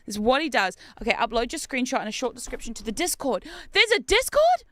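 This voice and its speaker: Bright, excitable Australian woman streamer. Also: on the high side, quick pace. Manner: excitable, chatty, laughs often. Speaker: game streamer. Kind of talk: casual gameplay chat with viewers.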